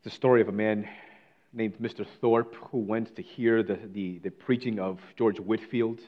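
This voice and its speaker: A man preaching a sermon, reading scripture and telling a story, swinging between bold declaiming and hushed, almost whispered passages. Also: fairly low pitch, steady tone, moderate pace, muffled recording.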